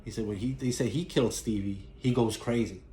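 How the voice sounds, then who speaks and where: A man talks through a movie's story in an easy, offhand way, middle-pitched and chatty. He gets animated as he goes and jumps up in pitch to act out the characters. His voice carries a roomy echo from the space around him. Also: brisk, slight background noise. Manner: animated storytelling, acts out lines in a raised voice. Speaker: movie collector and reviewer. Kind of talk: casual plot retelling.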